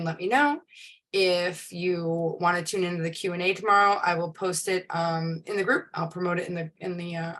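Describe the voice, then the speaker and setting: A woman's voice: lowish voice, fairly bright tone. Woman in her forties, casual live-stream host, chatty and rambling, frequent ums and restarts. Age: 40s.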